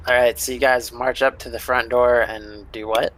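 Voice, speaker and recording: Man, game master, bright tone, casual narration, lots of fillers. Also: medium pitch, little pitch movement, moderate pace, rough recording. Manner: casual, loose, with many fillers.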